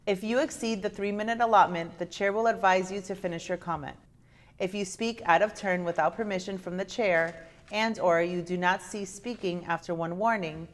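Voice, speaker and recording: A woman with a slightly low voice reads the rules of conduct before a public commission meeting. Her delivery is measured and formal, and it slows deliberately over legal code numbers. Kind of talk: formal read-aloud announcement. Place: city commission chamber.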